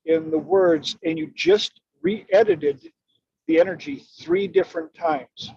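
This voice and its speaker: An emphatic man coaching through stories, with a high voice that swoops widely. He takes his time, and his voice has a gravelly grain. The recording is dull and dry. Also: slow, no room sound. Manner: emphatic, expressive. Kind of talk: storytelling in conversation.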